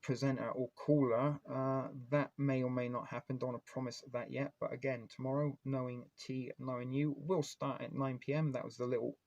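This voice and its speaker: A man's voice: mid-range voice, little pitch movement, fairly quick, gravelly, hardly any pauses, a little mellow, dry recording, highs cut off. A man hosting a casual live stream, rambling and chatty as he talks straight to his viewers. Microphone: phone.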